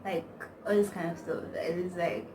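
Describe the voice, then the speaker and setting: A woman's voice: lowish voice, fairly even intonation, a little slow, distant mic. A young woman, chatting casually to her vlog viewers and slipping into Pidgin and Yoruba phrases. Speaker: vlogger. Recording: echoey room, from off mic, noisy.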